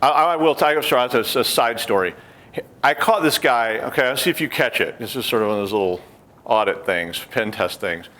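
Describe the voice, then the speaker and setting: A middle-aged man giving a conference talk, an animated storyteller who acts out the people he quotes and drops wry joking asides. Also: medium pitch, fairly quick. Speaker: conference speaker.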